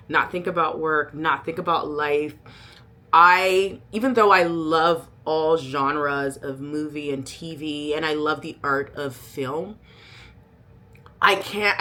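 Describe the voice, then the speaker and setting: A middle-aged woman talks casually to her viewers in a lowish voice with a bright, forceful edge. She is animated and emphatic, laughing often and bursting into loud exclamations. Her tone moves from offhand asides to full-voiced outbursts. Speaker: lifestyle vlogger. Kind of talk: casual chat to camera.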